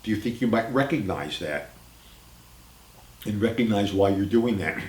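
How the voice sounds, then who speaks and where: A man hosting a podcast, speaking in a calm, measured, reflective monologue with deliberate pauses. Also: lowish voice, reverberant. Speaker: podcast host.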